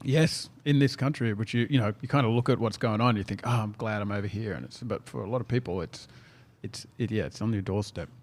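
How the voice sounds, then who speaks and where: A man's voice: fairly low pitch, fast, hardly any pauses. Man hosting a podcast, asking questions. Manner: asks questions, trails off mid-sentence. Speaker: podcast host. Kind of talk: casual podcast chat.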